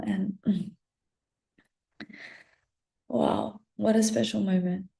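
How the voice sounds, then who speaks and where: A young woman telling an emotional personal story to her listeners, swearing a lot and often dropping into soft whispers. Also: mid-range voice, little pitch movement, slow pace, vocal fry, pauses often. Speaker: spiritual content creator. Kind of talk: confessional storytelling to camera.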